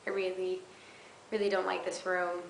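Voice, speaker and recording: A woman's voice: fairly low pitch, little pitch movement, moderate pace, gravelly. A young woman, a college student, chatting casually to her webcam in a dorm room, rambling with giggles and fillers. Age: young adult. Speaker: college vlogger. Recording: roomy echo, faint background noise.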